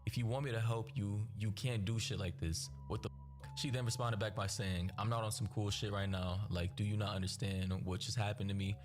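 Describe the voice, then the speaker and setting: A man in a recap video giving scripted narration, reading out text messages in a steady, even delivery. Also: lowish voice, fairly quick. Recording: narration over loud background music.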